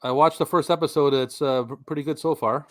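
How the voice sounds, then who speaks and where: A man's voice: fairly high pitch, fairly even intonation, fast, a bit bright, a little hiss or hum. A man in a casual stream chat, easygoing and hesitant, restarting his words.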